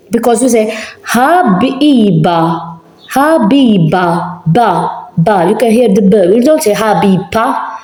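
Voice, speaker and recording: Slow, patient woman teaching in an echoey room. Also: on the high side, warm tone. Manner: patient, repeats words slowly and deliberately. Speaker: language teacher. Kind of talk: slow spelling lesson with examples.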